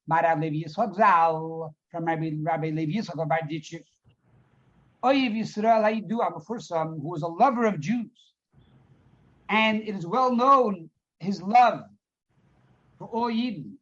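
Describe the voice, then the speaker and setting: A man's voice: on the high side, measured pace, pauses often, a bit bright. A man teaching a Hasidic discourse, reading Hebrew lines and then explaining them in a storytelling way. He repeats words to stress them. The audio is dull and lo-fi. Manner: reads Hebrew phrases, then translates and elaborates. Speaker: rabbi teacher. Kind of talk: Torah class on a Hasidic discourse. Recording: dull lo-fi recording.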